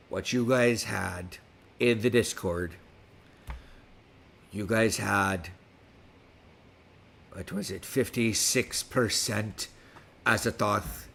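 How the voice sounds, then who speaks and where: A middle-aged man hosts a relaxed livestream in a put-on West Country pirate accent. His voice is gravelly and unhurried, with a playful pirate swagger. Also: fairly low pitch, slight background noise. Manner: playful pirate talk, reads stats aloud. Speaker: livestream host. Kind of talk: casual livestream chat in a pirate voice.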